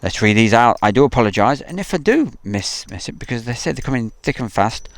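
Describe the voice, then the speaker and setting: A man's voice: medium pitch, animated, fairly quick. A man hosting a casual outdoor live stream, rambling chattily and reading viewer messages aloud. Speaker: livestream host. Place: outdoors at an airfield.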